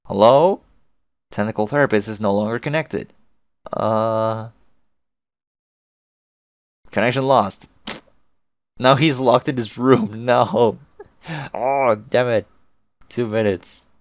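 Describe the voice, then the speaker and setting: A man's voice: lowish voice, vocal fry, no room sound. A man reading a webcomic aloud with casual, profane, chatty commentary. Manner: chatty, profane, laughs often. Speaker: webcomic reader, video host.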